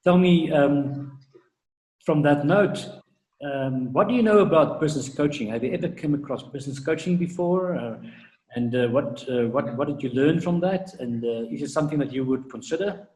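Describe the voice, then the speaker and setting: A man's voice: on the high side, normal speed, darkish tone. Hesitant male host, roomy sound. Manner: hesitant, many uh fillers, upbeat. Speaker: show host, business coach. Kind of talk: interview hosting. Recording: roomy echo.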